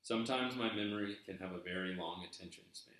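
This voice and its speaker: Deep-voiced man in a very echoey room. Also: quick pace, fairly bright tone, a little hiss or hum. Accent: put-on Southern American. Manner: chatty, musing, folksy with y'all and dang it. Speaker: treasure hunt video host. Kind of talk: casual vlog commentary reading from a book.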